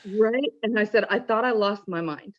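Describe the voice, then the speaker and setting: A woman giving an emotional personal testimony in an earnest, halting way with many restarts, choked up at times. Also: medium pitch, highs cut off. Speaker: call-in participant.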